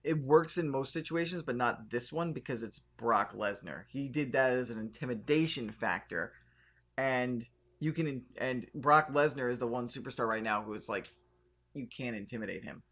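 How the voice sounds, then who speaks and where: A man co-hosting a podcast in casual chat, talking fast and acting out quotes in an animated way. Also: mid-range voice. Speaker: podcast co-host.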